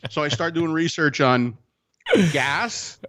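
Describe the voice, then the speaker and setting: A man telling a story in a casual podcast chat, animated and profane, acting out the people in it. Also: fairly high pitch, takes it slowly. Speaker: co-host.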